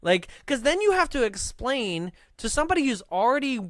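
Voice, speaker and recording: A man's voice: extremely high pitch, big pitch swings, fairly quick, dry recording. A man co-hosting a podcast, animatedly recapping a movie in casual chat, often tagging "right?" and laughing. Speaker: podcast co-host.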